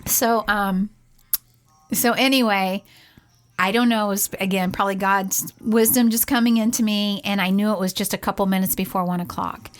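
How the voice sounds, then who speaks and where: Her voice is mid-range with fairly even intonation and a normal pace. This middle-aged mother co-hosting a relaxed podcast tells what happened in an earnest, chatty way, peppered with "like."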